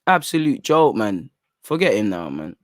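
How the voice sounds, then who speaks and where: A young man hosting a livestream, talking in animated, slangy casual banter. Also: on the low side, normal speed, no echo, studio quality. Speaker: fan channel livestream host.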